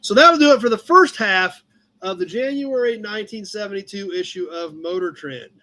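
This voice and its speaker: A man's voice: high-pitched, expressive, moderate pace, bright, forceful tone. A man hosting a casual live chat from his shop office, rambling through an old car magazine and chatting to his cat along the way. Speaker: livestream host.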